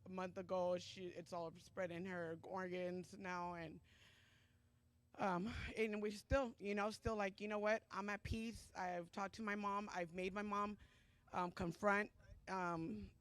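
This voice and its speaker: Emotional woman giving church testimony. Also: fairly low pitch. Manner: halting and emotional, many pauses and fillers. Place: church Sunday service.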